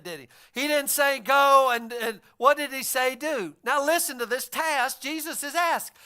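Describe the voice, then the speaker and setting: A man's voice: extremely high pitch, measured pace, hardly any pauses, sharp tone. A man preaching a sermon, retelling a story and acting out the voices of its figures. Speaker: pastor.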